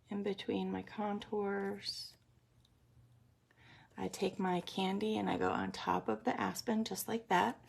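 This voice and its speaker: A woman's voice: medium pitch, gravelly, breathy edge. A woman, rambling and chatty, talking through a live makeup tutorial with lots of ums. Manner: chatty, rambling, many ums, explains as she works.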